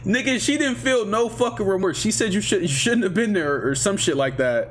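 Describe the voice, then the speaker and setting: A young man telling a story in a casual vlog, full of slang, swinging between loud bursts and mumbles. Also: high voice, expressive, moderate pace, a little hiss or hum.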